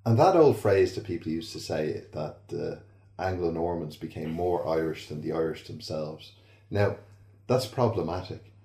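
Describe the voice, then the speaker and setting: A man hosting an interview, asking measured questions that frame the topic. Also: a bass voice, expressive, mellow, echoey room. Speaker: podcast host.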